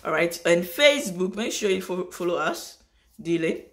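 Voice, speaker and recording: High-pitched man giving a preachy vlog message. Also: lively intonation, moderate pace, fairly bright tone. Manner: preachy, emphatic, rhetorical questions. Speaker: vlogger. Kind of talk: motivational vlog monologue.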